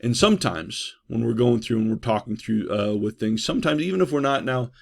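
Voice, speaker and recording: A man giving a trauma-response training lecture in a conversational way, often checking in with "right?" and pausing on "uh". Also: mid-range voice, expressive, creaky. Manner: conversational, frequent "right?" and "uh" fillers.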